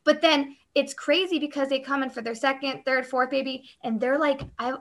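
A high, bright-voiced woman chatting casually. She tells stories about work at a quick pace and laughs often. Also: fairly even intonation. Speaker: labor and delivery nurse. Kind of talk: casual chat.

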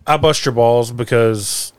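A man with an ordinary mid-pitched voice, hosting a casual podcast chat. He is opinionated and rambling, often stumbling over repeated words as he lays out his view. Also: measured pace. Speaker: podcast host.

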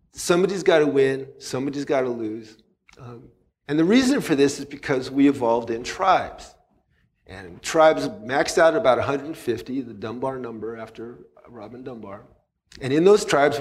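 A man speaking as a psychologist guest in a casual conversation, loose and candid, swearing freely and laughing at himself. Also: mid-range voice.

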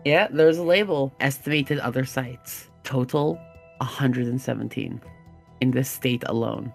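A game master narrating a tabletop horror game in measured tones, using dramatic pauses. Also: female voice, a bass voice, expressive, creaky, soft background music.

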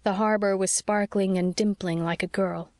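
A woman narrates an audiobook calmly and with measured delivery. Her pitch is medium, and the recording is dry with clean studio sound. It's scripted narration.

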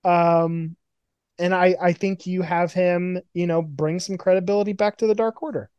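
A man's voice: sits high, moderate pace, clear, resonant tone, no echo, dull audio. A man hosting a podcast, riffing casually over a video call with profanity and mock quotes. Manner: profane, rambling, animated storytelling with mock quotes. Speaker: podcast host. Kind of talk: casual fantasy booking chat.

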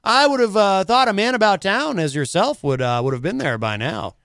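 A man's voice: sits high, lively intonation, normal speed, fairly bright tone, clean tone, no room sound, clean studio sound. A man hosting a casual talk radio show, rambling and full of filler words.

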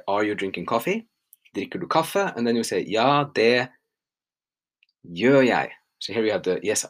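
A woman teaching grammar on a podcast, explaining patiently with relaxed fillers. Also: rumbling low. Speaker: language teacher.

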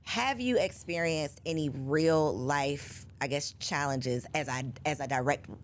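A woman hosting a podcast in casual interview chat, engaged and quick with interjections. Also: deep voice, slight background noise. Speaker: podcast host.

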